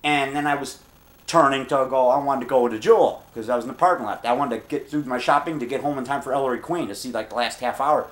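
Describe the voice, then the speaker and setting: A man's voice: medium pitch, fast, a bit bright. A man in his fifties with a Chicago accent, telling a rambling personal story and circling back to repeat himself. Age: 50s. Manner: digressive, repeats himself, trails off. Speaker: vlogger.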